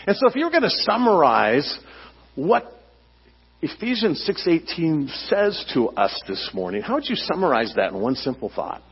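A man's voice: a little high, very animated, normal speed, vocal fry, slightly rough, muffled recording. A man preaching a sermon as pastor, emphatic and teacherly, putting questions to his congregation.

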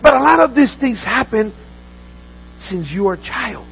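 A man's voice: very high-pitched, animated, normal speed, gravelly, lo-fi sound, a little hiss or hum. A man preaching a sermon as a pastor, earnest, often repeating words and restarting his sentences.

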